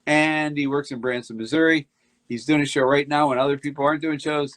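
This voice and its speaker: A man's voice: fairly high pitch, steady tone, a little fast, fairly bright tone. A man hosting a variety show, bringing on acts with chatty, jokey introductions. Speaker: show host.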